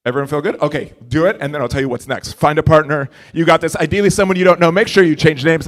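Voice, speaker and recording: A man's voice: on the high side, steady tone. A male comedian on a conference stage doing stand-up crowd work, chatty and rambling, eagerly coaxing the audience to play along. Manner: chatty, rambling, quick restarts and asides.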